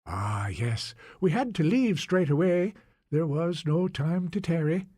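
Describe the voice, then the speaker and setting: A man voicing a young Scottish mother, earnest and hurried, with a soft, eager delivery in a Scottish accent. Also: a little high, animated, slightly rough, no echo, clean studio sound, pitched above the performer's own voice.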